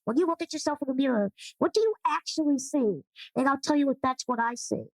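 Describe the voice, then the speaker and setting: A woman guest on a podcast chats casually, warm and affirming, often murmuring in agreement. Her voice sits high, with lively intonation and a fast pace. There's no room sound, and the recording quality is low.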